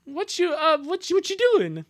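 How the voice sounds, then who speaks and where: A blunt, energetic tomboy of a teenage sister, as a woman puts her on. Her voice bounces lively up and down. It comes from a fan dub of a cartoon comic. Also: high voice, normal speed, voice pushed up. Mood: breezy.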